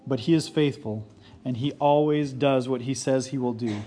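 A man's voice: mid-range voice, moderate pace, dark tone, slight background noise. A man in his forties preaching a sermon, earnest and repeating key phrases for emphasis. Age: 40s. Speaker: pastor.

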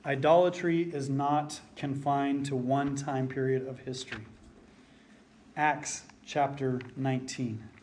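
A man preaching an expository sermon and reading scripture aloud. He talks emphatically, slowing down and dropping nearly to silence to stress a point. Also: medium pitch, fairly even intonation, a little mellow, a little hiss or hum. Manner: emphatic, slows down and drops to near silence for stress.

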